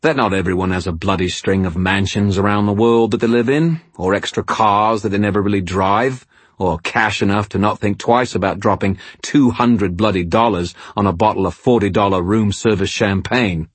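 A man's voice: fairly low pitch, normal speed, slightly rough, dry recording. A man reading an audiobook voicing a coarse, annoyed hired mercenary who growls and swears freely. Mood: gruff, cunning.

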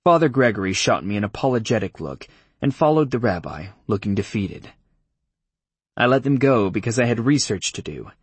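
A man's voice: on the low side, big pitch swings, moderate pace, slightly rough, no echo. A man narrating a first-person audiobook in a dry, wry tone.

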